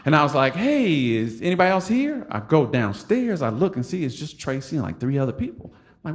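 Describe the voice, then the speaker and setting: A man, a stand-up comic telling a funny story live on stage, animated and laughing as he acts out other voices. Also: a little high, fast. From Detroit. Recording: roomy stage sound with noise.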